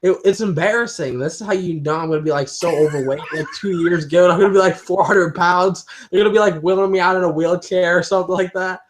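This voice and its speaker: A man's voice: sits high, fast, few pauses. A young man chatting casually on a livestream, telling rambling, self-mocking stories about work. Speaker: livestream co-host. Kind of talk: casual chat.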